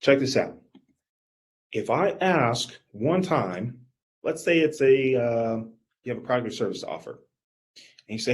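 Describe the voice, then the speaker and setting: A man giving a live coaching workshop, energetic and animated, talking straight to his audience. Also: medium pitch, brisk, pauses often. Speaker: business coach.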